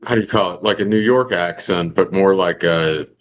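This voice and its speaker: A man with a very low voice chats easily on a livestream. He sounds relaxed and unhurried in his talk. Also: lo-fi sound, slight background noise. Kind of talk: casual chat.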